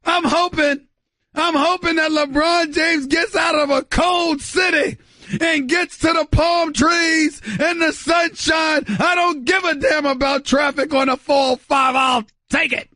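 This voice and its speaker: Middle-aged male radio host from New York, high bright voice, booming theatrical rants that hammer every point. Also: steady tone, measured pace, no room sound, clean studio sound. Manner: loud, shouting, emphatic and theatrical; repeats phrases for emphasis, addresses "ladies and gentlemen". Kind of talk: sports talk radio monologue.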